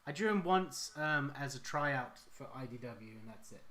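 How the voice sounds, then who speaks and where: A man's voice: mid-range voice, lively intonation, bright, forceful tone. A man hosting a drawing livestream, chatting casually with a teasing, easygoing manner. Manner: teasing, quick to laugh. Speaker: livestream host, comic artist.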